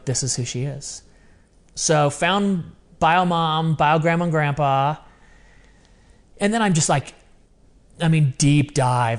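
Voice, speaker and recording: A man in his fifties, a podcast guest, telling a personal story in a lively, emotional way with quick asides. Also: fairly high pitch. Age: 50s. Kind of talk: conversational storytelling.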